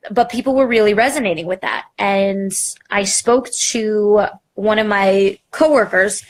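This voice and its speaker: A young woman, a podcast host, candidly telling her story in a live interview, self-mocking and animated, full of "like" and acted quotes. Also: medium pitch.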